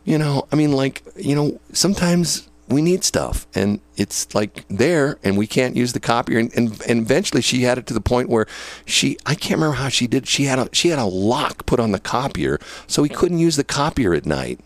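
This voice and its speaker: A man's voice: mid-range voice, animated, normal speed, no echo. A man and former police dispatcher telling old work stories in a rambling, casual way, full of fillers and laughter. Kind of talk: casual storytelling.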